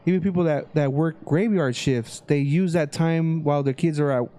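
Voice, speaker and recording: A man co-hosting a podcast, talking in a relaxed, drawn-out way and swearing casually. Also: fairly high pitch. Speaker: podcast co-host. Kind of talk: casual chat.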